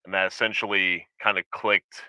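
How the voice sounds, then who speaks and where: A man's voice: low-pitched, little pitch movement, moderate pace, sharp tone, clean tone, dry recording, rough recording. A man co-hosting a casual chat show, rambling and hesitant with lots of fillers and restarts. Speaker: podcast co-host.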